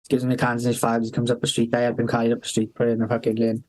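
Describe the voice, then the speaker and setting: A man's voice: mid-range voice, completely flat delivery, racing, a little mellow, rough recording. A man telling rambling anecdotes as a podcast guest, swearing constantly and breaking into laughter. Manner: heavy swearing, laughing, acting out quoted voices. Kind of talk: casual anecdotal storytelling.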